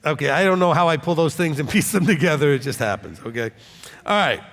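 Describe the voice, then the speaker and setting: A male rabbi preaching in a blunt, chatty way, often checking in with his listeners. His voice sits high and swings widely up and down. It carries a long reverb, as if from a hall. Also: expressive, fast talker, a bit bright. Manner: blunt, conversational, jokes and asks "okay?" often. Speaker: rabbi teaching scripture. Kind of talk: informal sermon teaching.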